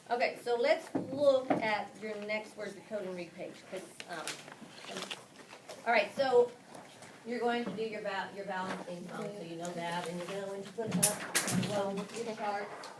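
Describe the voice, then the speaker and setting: Woman running a teacher workshop, lots of ums, recorded from across a noisy room. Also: mid-range voice. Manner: spells letters out slowly, with frequent ums and restarts. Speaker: teacher trainer leading a phonics workshop. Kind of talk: classroom-style instruction to fellow teachers. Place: classroom. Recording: roomy, distant and noisy classroom recording.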